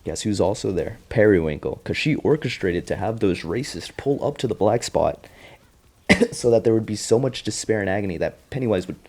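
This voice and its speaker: A man's voice: on the low side, animated, fairly quick, a little mellow. A man hosting a podcast, recapping a TV show in a casual, profane, joking way. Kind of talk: casual chat.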